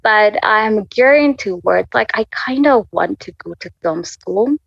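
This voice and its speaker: A woman's voice: mid-range voice, expressive, measured pace, creaky, dry recording, dull audio. A woman in her twenties from Kenya candidly telling her personal faith story as an interview guest. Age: 20s. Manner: candid, conversational, full of fillers.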